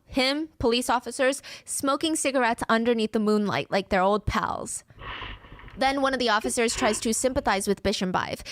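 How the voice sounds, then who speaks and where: A woman narrating a scripted true-crime story in a brisk way, acting out the quoted speech as she goes. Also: mid-range voice, no room sound, studio quality.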